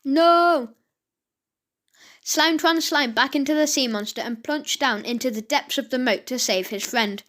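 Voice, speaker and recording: A woman reading a children's story aloud, halting now and then with slips and restarts. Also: high voice, fairly bright tone.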